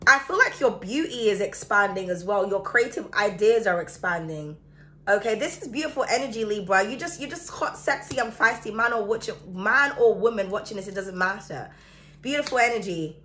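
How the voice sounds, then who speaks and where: Caribbean lady doing a tarot reading, bright tense voice, chatty and emphatic, talks right at you. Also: mid-range voice, lively intonation, moderate pace, a little hiss or hum. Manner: chatty, emphatic, addresses viewer directly. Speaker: tarot reader.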